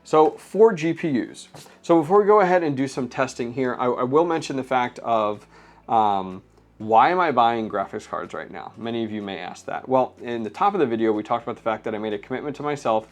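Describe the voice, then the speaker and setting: A man's voice: mid-range voice, expressive, brisk. A man hosting a casual unboxing vlog, chatting and explaining hardware step by step with frequent fillers. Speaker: crypto mining channel host.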